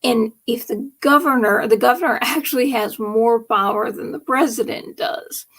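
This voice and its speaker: A woman's voice: fairly high pitch, moderate pace, creaky, a bit bright. A woman hosting a late-night live stream, talking through politics and faith in a rambling, emphatic monologue that often drops to a whisper.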